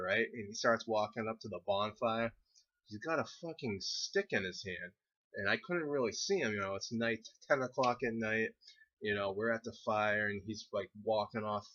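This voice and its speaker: A man's voice: on the low side, a bit bright. A young man casually telling a rambling, profane story from his teens, often laughing through it. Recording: dull lo-fi recording.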